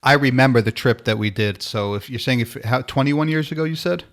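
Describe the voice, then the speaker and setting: Casting note: male podcast host in his thirties, mid-pitched, loose and conversational. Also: brisk, a bit bright. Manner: conversational, frequent restarts and fillers. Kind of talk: casual conversational interview.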